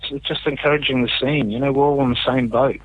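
A man's voice: medium pitch, fairly even intonation, fast, slightly rough, no room sound, phone-quality sound. A man, a musician guest chatting casually, a laughing storyteller. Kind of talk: casual chat.

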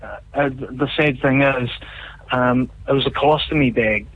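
A man's voice: medium pitch, moderate pace, phone-quality sound, slight background noise. A man, a musician guest chatting casually, a laid-back storyteller who laughs often and mimics people. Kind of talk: casual chat.

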